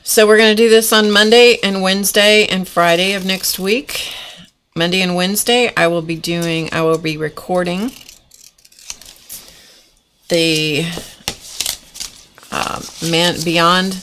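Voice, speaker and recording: Chatty, giggly woman with a low voice. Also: fairly even intonation, slow pace, long pauses, fairly bright tone, slight background noise. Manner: chatty and giggly, rambling while working. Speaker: art journaling host. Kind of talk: casual live-stream chat.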